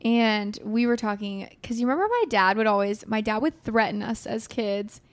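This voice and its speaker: A young adult woman hosting a casual chat, telling stories in an animated way and swearing freely. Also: a little high, moderate pace. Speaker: host.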